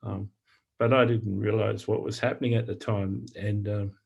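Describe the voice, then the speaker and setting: Halting low-voiced man telling testimony. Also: level tone, gravelly, a little mellow, husky, dull audio. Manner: halting, many fillers and repeated words. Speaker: Christian author and prophetic minister. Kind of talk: personal testimony storytelling to camera.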